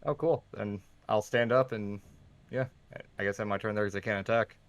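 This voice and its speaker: Low-voiced man playing a tabletop game. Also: brisk, muffled recording. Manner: asking about rules. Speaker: player. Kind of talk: casual tabletop play.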